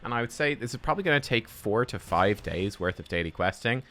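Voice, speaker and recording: A man's voice: medium pitch, lively intonation, fairly quick, fairly bright tone. A man giving chatty, upbeat gameplay commentary as host of a gaming video, laughing often.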